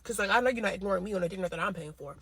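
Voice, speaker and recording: A woman's voice: mid-range voice, very fast, fairly bright tone, slight background noise. A woman telling a story in a casual, heated rant, blunt and full of swearing, speaking close to a phone mic. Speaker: storytime vlogger.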